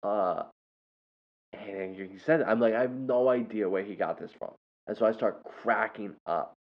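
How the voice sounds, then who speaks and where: A young man casually telling a funny story about a first grader, laughing often and breaking into loud impressions. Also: fairly low pitch, measured pace. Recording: dull lo-fi sound.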